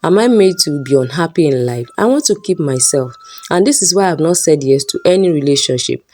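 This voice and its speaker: A woman's voice: low voice, expressive, brisk, dark tone. A woman reading a weary student girl. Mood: distressed. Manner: pleading and indignant. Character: young female student, tired of harassment.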